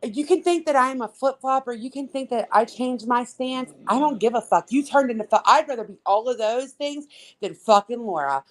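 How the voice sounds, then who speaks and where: امرأة صريحة كثيرة الشتائم. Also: female voice, fairly high pitch, normal speed, poor audio. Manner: blunt, profane venting. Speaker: streamer. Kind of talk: casual chat.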